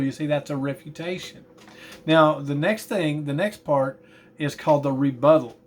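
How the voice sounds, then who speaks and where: Guy teacher explaining stuff to a class, kinda sleepy and rambling, slightly high voice, little bit of room hum. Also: steady tone, moderate pace. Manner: tired, yawning, chatty asides. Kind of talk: classroom lecture.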